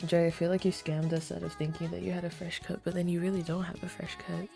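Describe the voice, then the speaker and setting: A young woman streamer chats casually with her viewers, excitable and quick to swear as she greets them one by one. Her voice is warm and mellow and sits a little low. Soft music plays faintly behind her. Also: creaky.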